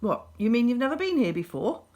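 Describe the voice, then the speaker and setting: A cheeky young court jester from a storybook, as a woman reader voices him, light and jokey with a lively, bouncing lilt. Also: on the high side, a little fast, voice pushed up.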